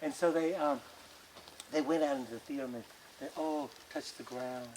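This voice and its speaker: A man telling a folk tale aloud in a lively, folksy way, with colloquial asides to listeners. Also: mid-range voice, moderate pace, background noise. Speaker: storyteller. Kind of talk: oral folk storytelling.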